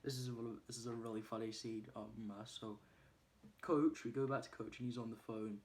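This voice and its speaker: A man's voice: fairly low pitch, steady tone, normal speed. Hesitant man retelling a film plot. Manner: hesitant, many ums and uhs. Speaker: movie reviewer.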